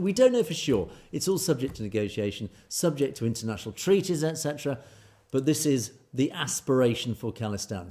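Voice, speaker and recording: A man hosting a commentary show, talking casually to his viewers with many fillers and restarts. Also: medium pitch. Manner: chatty, many fillers and restarts, lively emphasis.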